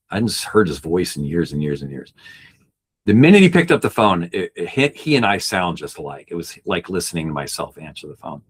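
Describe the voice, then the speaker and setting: A man with a very low, husky voice tells a personal story on a podcast. He circles around with restarts and fillers as he talks. He sounds like a backpacking guide speaking from experience. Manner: rambling, with many restarts and fillers.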